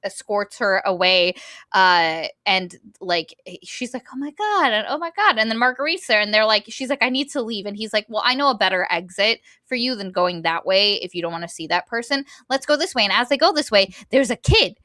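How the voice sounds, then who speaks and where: A woman talks through a novel's plot in a lively, chatty way and quotes the characters in quick bursts. Her voice is bright and forward, recorded close and dry with no room sound. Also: mid-range voice, dry recording. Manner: animated plot recap, acting out characters' lines. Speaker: podcast co-host. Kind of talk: casual book discussion.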